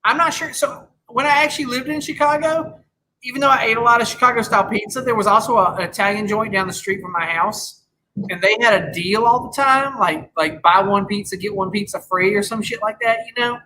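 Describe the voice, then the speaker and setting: A man's voice: sits high, a little fast, sharp tone, slight background noise, poor audio. A man in his thirties chatting casually on a podcast, rambling with lots of restarts and swearing freely. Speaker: podcast host. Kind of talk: casual chat.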